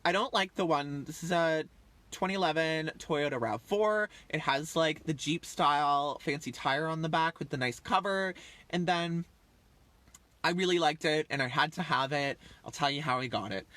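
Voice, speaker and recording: A man's voice: on the high side, sharp tone, dry recording. A man in his thirties rambling casually on a livestream, chatty and full of fillers, often trailing off. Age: 30s. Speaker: livestream host.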